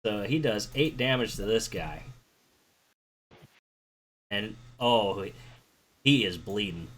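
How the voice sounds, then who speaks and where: A man's voice: fairly low pitch, lively intonation, slow pace, fairly bright tone. A man running a tabletop game as game master, calling out rolls and narrating matter-of-factly. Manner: matter-of-fact, calls out dice results.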